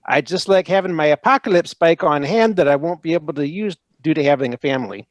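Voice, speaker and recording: An easygoing man reads a listener email aloud on a podcast, amused as he goes. His voice sits a little high. The recording is close and dry. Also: fast talker, no echo. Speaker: podcast co-host.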